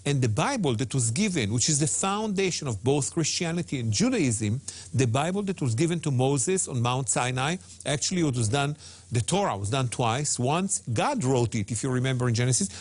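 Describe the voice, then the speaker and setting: A man, a guest teacher on a religious talk show, speaking emphatically and repeating himself, slowing down to spell out Hebrew words. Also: mid-range voice, animated.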